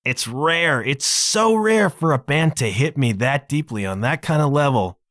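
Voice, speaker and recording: A man's voice: medium pitch, expressive, measured pace, a bit bright, dry recording. A man talks about songs he loves in an easygoing, enthusiastic way, his voice rising and falling a lot. The recording is dry and close, with no room sound. He keeps throwing in a casual "man" as he goes. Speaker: podcast host. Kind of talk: casual music commentary.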